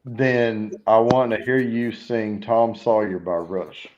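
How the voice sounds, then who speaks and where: A man's voice: lowish voice, steady tone, slow. Blunt man over a noisy lo-fi line. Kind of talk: casual drinking chat.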